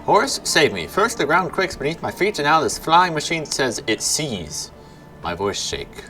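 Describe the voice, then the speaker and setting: A man putting on a fussy bearded bazaar merchant from a video game, pitched well above a plain speaking voice and swinging widely in tone. He exclaims and frets theatrically, full of self-pity. Faint music plays behind him. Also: sing-song, measured pace, sharp tone, exaggerated voice. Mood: dramatic.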